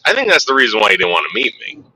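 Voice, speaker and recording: A man's voice: lowish voice, wildly swooping pitch, very fast, bright, forceful tone, breathy edge, no echo, poor audio. A man hosting a casual livestream, chatting with his viewers and teasing them in a rambling way. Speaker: livestream host.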